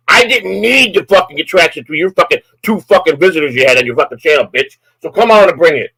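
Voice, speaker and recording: A man's voice: fairly high pitch, expressive, fast, few pauses, sharp tone, husky, dry recording, poor audio. An older man, host of a live stream, ranting angrily and issuing profane, repetitive threats. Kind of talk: angry live-stream rant.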